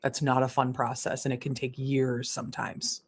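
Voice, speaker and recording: A woman spiritual coach telling a personal story on a casual livestream, animated, cursing and laughing as she talks. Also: very deep voice, moderate pace, breathy edge.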